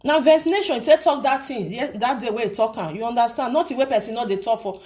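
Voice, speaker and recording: A woman with a Nigerian accent talks straight to her viewers in a casual commentary vlog. Her voice sits a little high, and she presses her points hard. She repeats herself and keeps asking rhetorical questions. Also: fast, a little mellow. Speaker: vlogger.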